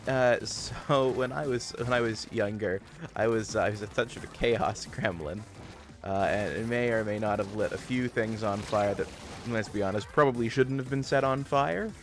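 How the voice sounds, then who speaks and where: A man's voice: lowish voice, moderate pace, faint music behind. A man streaming live, chatting casually with his audience and laughing often. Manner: chatty, laughs often, reads chat aloud.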